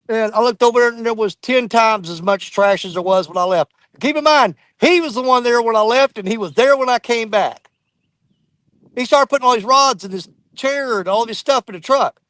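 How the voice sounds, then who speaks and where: A fishing host with a high voice talks from a riverbank. He is folksy and blunt, and quick to get irate. The sound is dry and close, with no room around it. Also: fairly bright tone, dry recording. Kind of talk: casual outdoor storytelling. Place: riverbank outdoors.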